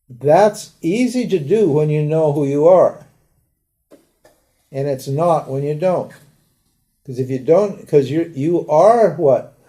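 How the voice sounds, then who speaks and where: Dark-voiced man giving a lively lecture. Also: on the high side. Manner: conversational, asks rhetorical questions, acts out pleading prayers. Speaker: Vedanta teacher. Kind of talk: live lecture.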